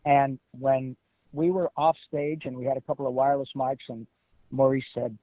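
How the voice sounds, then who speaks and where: A middle-aged man from Detroit, telling stories as an interview guest in an animated, emphatic way. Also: mid-range voice, normal speed, dry recording. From Detroit, USA. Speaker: guest voice actor. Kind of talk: casual interview. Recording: tinny phone-like line.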